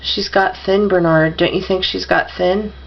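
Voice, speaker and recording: A woman voicing a fretful mother in a storybook reading, talking quickly with worry. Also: on the low side, steady tone, creaky, dull audio. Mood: fretting. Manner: rapid worried talk. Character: fretful mother fussing over her injured daughter.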